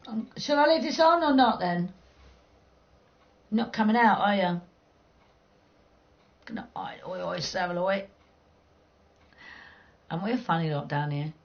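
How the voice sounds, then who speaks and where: A woman's voice: medium pitch, unhurried, long pauses, lo-fi sound. A middle-aged woman with a London accent, chatting casually and bluntly with viewers during a game stream, cheeky and swearing freely. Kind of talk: casual chat.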